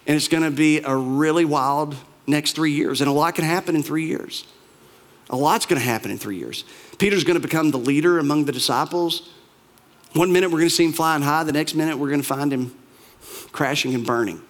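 A man with a notably high voice delivers a sermon. He tells scripture stories with animated, conversational asides, acting out quoted lines as he goes. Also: fairly quick. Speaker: pastor.

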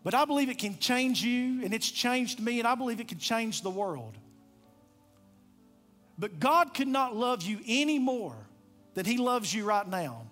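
High-voiced impassioned male preacher. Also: expressive, unhurried, fairly bright tone, faint music behind. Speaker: pastor. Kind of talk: sermon.

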